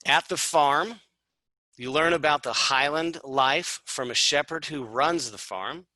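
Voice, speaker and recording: A man's voice: fairly high pitch, unhurried, pushed and bright, no room sound, low-quality recording. A man giving an informal, upbeat travel presentation, chatty, with fillers and jokey asides. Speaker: tour presenter.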